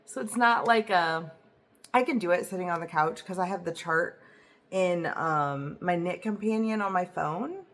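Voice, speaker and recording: A woman's voice: on the low side, normal speed, a bit bright. A woman hosting a knitting video podcast, talking casually and eagerly to camera from home, with a lilt and plenty of "um" and "like". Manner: chatty and enthusiastic, lots of "um" and "like". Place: home, indoors.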